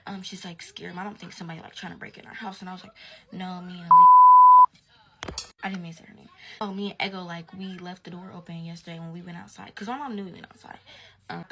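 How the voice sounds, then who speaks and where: A woman's voice: lowish voice, steady tone, rapid-fire, vocal fry, background noise. A young woman telling a casual storytime in slangy, profane talk, sometimes dropping to a whisper.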